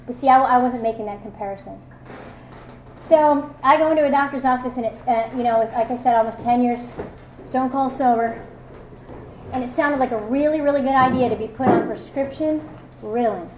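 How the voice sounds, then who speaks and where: A woman's voice: fairly high pitch, a little fast, darkish tone, slight background noise. Candid woman sharing her story. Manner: candid, self-mocking, conversational with many fillers. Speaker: recovery meeting speaker. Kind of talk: personal testimony talk. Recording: echoey room with faint ambience.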